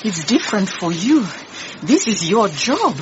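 A woman acting a calm, motherly detective agency owner in a radio drama who settles arguments. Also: mid-range voice, a little slow, background noise. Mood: uneasy. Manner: calm, peacemaking. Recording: dull lo-fi radio drama recording.

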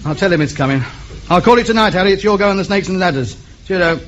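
An actor playing a put-upon amateur radio operator, weary and muttering, in a 1970s TV sitcom. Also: male voice, high voice, lively intonation, fast. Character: grumbling put-upon British male radio ham. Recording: dull old TV audio with hiss.

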